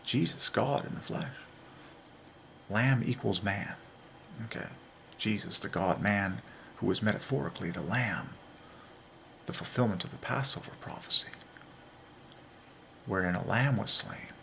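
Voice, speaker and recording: A man hosting a religious monologue, excitedly working through letter counts and dropping into whispers to stress a point. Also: fairly low pitch, measured pace, gravelly, long pauses, slight background noise. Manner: excitable, drops into whispers for emphasis. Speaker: channel host.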